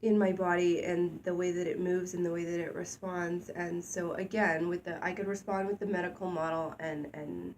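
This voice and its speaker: A woman co-hosting a casual talk show, candid and animated, speaking openly and getting louder when she is excited. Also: on the low side, normal speed, few pauses, a little hiss or hum. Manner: candid, animated, self-deprecating, gets loud when excited. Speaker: co-host. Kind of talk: casual conversational podcast chat.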